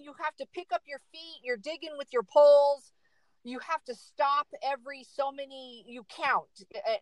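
A woman's voice: sits high, fairly bright tone, no echo, poor audio. A middle-aged woman telling a dramatic story in casual chat, repeating words for emphasis.

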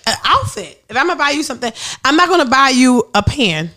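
Animated, blunt woman podcast host. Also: sits high, quick pace. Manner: blunt, profane, animated, laughs often. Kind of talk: casual chat.

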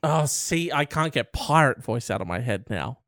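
A man's voice: mid-range voice, expressive, moderate pace, fairly bright tone, dry recording. A sarcastic young man trades jokes on a casual podcast. His voice sits close and dry, with no room sound around it. He reads a letter aloud in a mocking tone. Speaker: podcast co-host.

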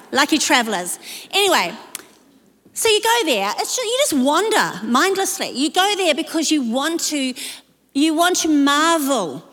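A woman with a high, bright voice tells a story in a sermon from the stage of a large church. She keeps up chatty, self-deprecating asides to the crowd. A long reverb from the hall trails after her words. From New Zealand. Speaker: pastor.

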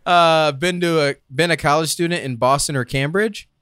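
A man's voice: a little high, moderate pace, fairly bright tone, smooth, dry recording, clean studio sound. A young man hosting a casual chat, quizzing and teasing his guest with questions.

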